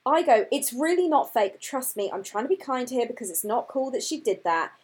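A woman's voice: fairly high pitch, expressive, a little fast, darkish tone, slightly rough. A woman, a podcast host, chatting casually and telling a dating story, reading out text messages as she goes. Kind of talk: casual chat.

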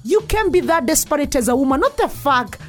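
Animated, blunt Kenyan woman ranting. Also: sits high, fairly quick, soft background music. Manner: blunt, profane, switching between English and Swahili. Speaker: vlogger. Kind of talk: casual storytime rant.

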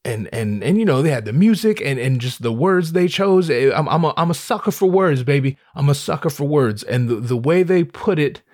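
A man's voice: a little high, lively intonation, brisk, hardly any pauses, a little mellow, no room sound, clean studio sound. A man in his thirties talking in a casual solo monologue, rambling and swearing, with frequent stammered restarts.

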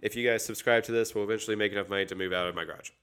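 A man's voice: fairly low pitch, fairly even intonation, fairly bright tone, smooth. A young man co-hosting a casual podcast outdoors, joking and rambling as he riffs. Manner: joking, rambling, quick to riff. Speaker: podcast co-host, barista. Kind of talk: casual chat. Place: outdoors by a parking lot.

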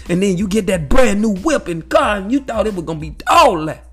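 A man's voice: high-pitched, a little fast, hardly any pauses, slightly rough, soft background music. A man in a casual, profane monologue, talking straight to his listeners and circling back to the same phrases. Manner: animated, repetitive, peppered with "you know what I'm saying". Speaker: vlogger sharing life views.

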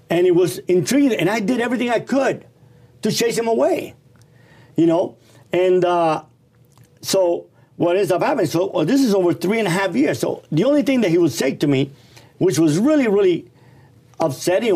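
A middle-aged man telling his life story in a casual, animated, slangy and blunt way. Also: high-pitched, moderate pace, pauses often, husky.

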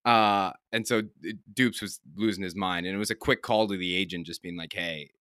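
A man's voice: low voice, fairly even intonation, brisk, fairly bright tone, no echo, clean studio sound. A young man, a pro hockey player, telling stories in a laid-back, profane way on a podcast and laughing as he goes. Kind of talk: casual storytelling chat.

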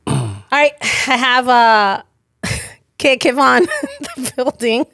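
A woman's voice: sits high, wildly swooping pitch, extremely slow, vocal fry, a bit bright, no echo, clean studio sound. A woman pastor co-hosting a podcast in casual chat, playful and teasing, laughing often.

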